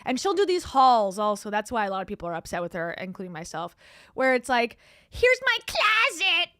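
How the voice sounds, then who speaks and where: A woman's voice: mid-range voice, lively intonation, fast, no echo, clean studio sound. A woman hosting a gossip commentary show, talking in a sarcastic, scoffing way. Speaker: commentary host.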